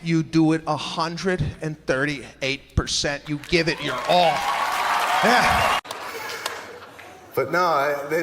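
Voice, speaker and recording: A male stand-up comedian telling animated, exasperated stories, breaking into shouted punchlines. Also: on the high side, slight background noise. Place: large live comedy venue. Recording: live stage with hall echo and crowd.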